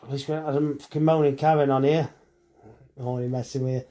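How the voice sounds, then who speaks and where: A man's voice: medium pitch, fairly even intonation, fast, mellow. A middle-aged man, a farmer and butcher, chatting casually and bluntly on a phone live stream, reading out comments and swearing now and then.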